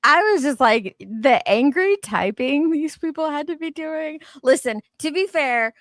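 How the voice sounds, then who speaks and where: A woman's voice: high voice, expressive, unhurried, no echo, clean studio sound. An older woman from Central Illinois, chatting casually and poking fun at herself as co-host of a livestream. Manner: chatty and self-mocking.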